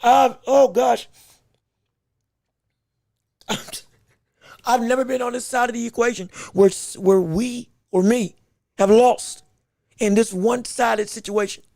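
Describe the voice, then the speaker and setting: A man hosting a podcast, in an animated, exaggerated sports rant that swings between playful fury and laughter, often stumbling over his words. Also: very high-pitched, a little slow, vocal fry, pauses often, no room sound, clean studio sound. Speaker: podcast host.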